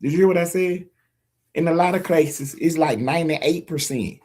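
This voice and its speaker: A man's voice: fairly high pitch, normal speed, darkish tone. Emphatic man preaching to his viewers. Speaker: political commentator. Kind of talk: direct-to-camera opinion monologue. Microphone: streaming setup mic.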